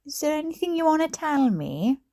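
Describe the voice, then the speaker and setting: A Welsh woman reading aloud and voicing a worried, prying mother in a hushed tone. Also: sits high, big pitch swings, normal speed, pitched above the performer's own voice. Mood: concerned.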